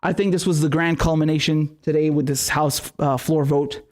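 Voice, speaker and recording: A man's voice: fairly high pitch, steady tone, moderate pace. A man hosting a live-streamed political commentary show, ranting in a heated, profane way.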